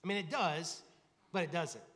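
Conversational pastor in a reverberant sanctuary. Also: male voice, on the high side, normal speed. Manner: conversational preaching, animated, acts out quoted voices. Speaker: lead pastor. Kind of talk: sermon. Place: large church sanctuary. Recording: long hall reverb.

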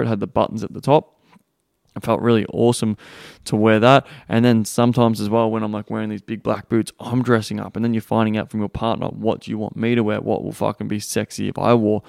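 A man's voice: fairly low pitch, vocal fry, darkish tone, no room sound, studio quality. A young man hosting a podcast, rambling casually with lots of fillers and swearing. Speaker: podcast host, dating coach. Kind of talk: casual monologue.

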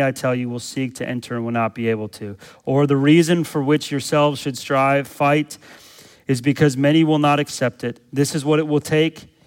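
Man preaching with emphatic rhetorical questions. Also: medium pitch. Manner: repeats phrases for emphasis. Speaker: pastor. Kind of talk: sermon.

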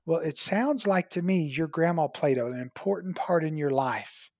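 Woman dentist, animated storyteller; breathy, dry close mic. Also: deep voice, moderate pace, hardly any pauses, dry recording. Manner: animated storyteller, acts out quoted dialogue. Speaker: dentist, podcast guest. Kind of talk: casual conversation, storytelling.

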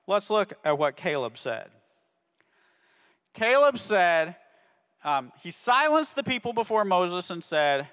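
A man's voice: high-pitched, lively intonation, slow, fairly bright tone, clean tone. A man telling a Bible story to children as a ministry teacher, constantly checking in with "okay?". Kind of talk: Bible story lesson for kids. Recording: long reverb of a hall.

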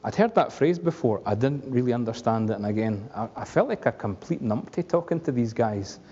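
A man's voice: medium pitch, animated, fairly quick, mellow, slightly rough. A man preaching a conversational sermon, asking the congregation questions along the way. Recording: dull lo-fi recording with long hall reverb.

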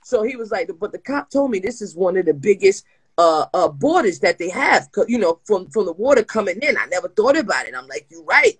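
Brief: woman, podcast co-host, husky voice, Jersey accent, lively comic storytelling, acts out the voices. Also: mid-range voice, normal speed, rough recording. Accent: New Jersey. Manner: animated, acts out voices, laughs often. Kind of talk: storytelling chat, comic crime anecdote.

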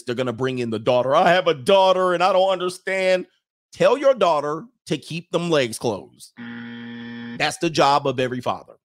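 A man hosting an opinionated commentary video, reacting to viewer comments in a blunt, mocking and slangy way. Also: mid-range voice.

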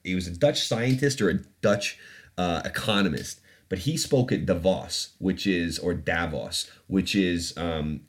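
A man hosting a casual opinion podcast, talking in a loose rambling way, laughing now and then and swearing freely. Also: low voice. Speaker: podcast host.

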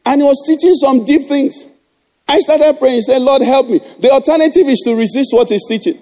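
A man's voice: very high voice, fairly quick, mellow. A middle-aged male pastor preaching a sermon, exhorting the congregation with rhetorical questions.

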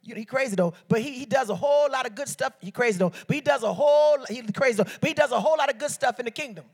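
A woman's voice: high-pitched, rapid-fire, slightly rough. A woman from Detroit preaching a sermon as a guest speaker, calling on the congregation to answer back and telling stories along the way. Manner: call-and-response preaching, storytelling asides.

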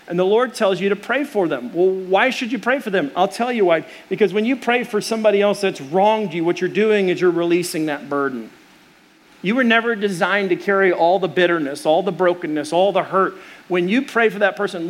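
A man's voice: sits high, normal speed. A middle-aged man preaching a sermon, earnest and storytelling, with restarts and fillers. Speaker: pastor.

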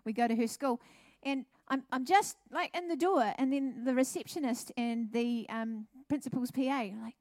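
A middle-aged woman, a pastor's wife, telling her testimony at a church service in a chatty, animated way. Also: a little high, normal speed, few pauses, no echo, clean studio sound. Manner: chatty, animated storytelling with laughs.

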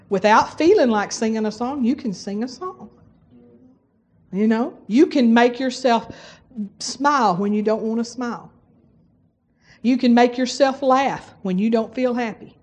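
A woman's voice: on the high side, measured pace, pauses often, a little mellow. A middle-aged woman preaching a folksy sermon, exhorting the congregation and breaking into bursts of forced laughter.

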